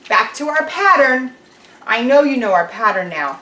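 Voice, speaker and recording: A woman teaching a children's lesson, talking slowly and clearly in a sing-song teacher voice to young kids. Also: medium pitch, very animated, pushed and bright, slight background noise. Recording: roomy echo.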